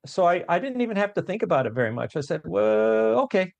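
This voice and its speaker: Gravelly-voiced man telling his story. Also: sits high, racing, muffled recording. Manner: animated, self-deprecating, emphatic. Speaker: guest scientist. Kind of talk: conversational storytelling.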